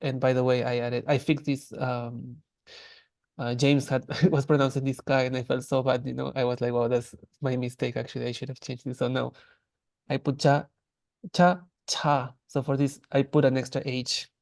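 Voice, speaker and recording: A man's voice: medium pitch, little pitch movement, fairly quick, vocal fry, a little mellow, no echo. A man teaching an online language class in a casual, restarting way, demonstrating sounds.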